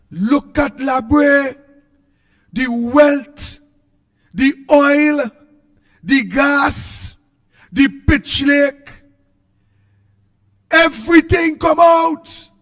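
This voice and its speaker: A man with a Trinidadian accent giving an impassioned political speech, shouting in a repetitive, sing-song way. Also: very high voice, big-room sound. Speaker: political speaker.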